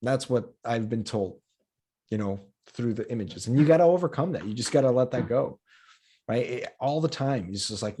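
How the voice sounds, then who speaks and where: Gravelly, impassioned man from Colombia. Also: medium pitch, animated, moderate pace, dark tone. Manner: impassioned, piling up repeated words as he builds a point. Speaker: podcast guest, comedian. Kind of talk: casual conversation.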